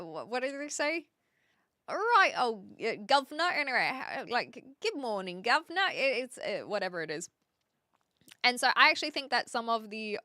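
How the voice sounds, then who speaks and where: A woman's voice: mid-range voice, sharp tone, no room sound, studio quality. A young woman from New Zealand with a Kiwi accent, chatting casually with her live-stream viewers and reading out their comments, with lots of fillers. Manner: chatty, reads chat aloud, many fillers.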